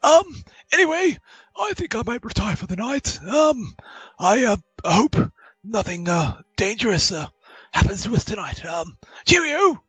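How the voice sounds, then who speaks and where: A man voicing a fussy, posh old male professor who speaks in a prim, dithering way with a breathy falsetto. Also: very animated, measured pace, fairly bright tone, no echo, exaggerated voice.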